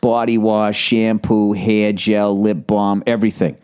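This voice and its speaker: A man's voice: fairly low pitch, level tone, unhurried, a little mellow, clean tone. A man, hosting a podcast and reading ads sarcastically, riffing off the copy with swearing. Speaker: podcast host. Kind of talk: casual podcast ad read.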